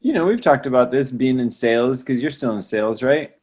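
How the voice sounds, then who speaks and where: A man who teaches music, telling stories in a casual chat, animated and slangy, often tacking "man" onto his lines. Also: mid-range voice, brisk. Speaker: music teacher and salsa trumpet player.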